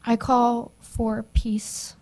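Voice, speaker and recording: A young woman speaks at a public hearing, nervous and emotional, stopping and restarting often. Her voice is soft and mellow and stays close to one note. She talks slowly. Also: fairly high pitch, completely flat delivery, low-quality recording. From United States. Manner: halting, emotional, many restarts and fillers. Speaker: public witness.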